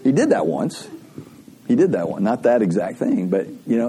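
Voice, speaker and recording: A man preaching from the pulpit in a husky, mellow voice pitched a little high. His delivery swings up and down with lively intonation, chatty and storytelling, laughing as he goes. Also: normal speed. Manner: conversational, animated storytelling with frequent laughs. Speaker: pastor. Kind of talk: sermon.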